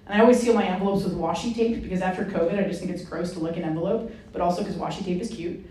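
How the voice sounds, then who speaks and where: A woman from Rhode Island, a Franciscan sister, telling a personal story as a guest speaker, lively and self-mocking, acting out the voices in her story. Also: lowish voice, very fast. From Rhode Island, USA. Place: hall with an audience. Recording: roomy echo.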